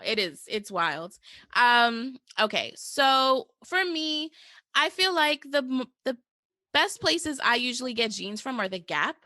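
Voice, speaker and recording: A woman's voice: fairly high pitch, pushed and bright, no echo. A young woman from New hosting a podcast, chatting casually and informally. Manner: chatty, informal, says "girl" and "y'all". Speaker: podcast host.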